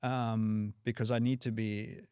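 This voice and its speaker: Here a podcast guest from Australia speaks a little slowly in a lowish, clean-toned voice, with no echo and clean studio sound. A native English speaker, he's relaxed and casual, dropping "like" and "you know" frequently.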